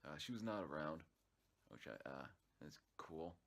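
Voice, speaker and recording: A man with a low voice tells a personal story in loose, unscripted narration. He swears often, loses his thread, and restarts his sentences. His delivery stays casual and conversational throughout. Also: animated, normal speed, vocal fry, a bit bright. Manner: rambling, swears freely, many restarts and fillers. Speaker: vlog narrator.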